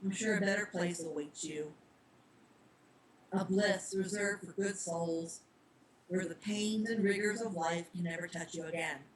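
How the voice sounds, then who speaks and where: A woman voicing a calm, stern male reaper of death who speaks in a measured, formal way in a storybook reading. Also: fairly low pitch, a little hiss or hum, natural voice, poor audio. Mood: consoling.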